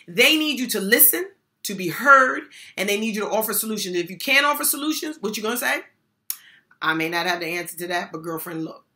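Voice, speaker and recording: An older woman speaking as a workshop presenter, her voice bright and forceful and sitting a little high. She talks emphatically and folksily, circling back to the same key phrases to drive her points home. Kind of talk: motivational talk on mental health support.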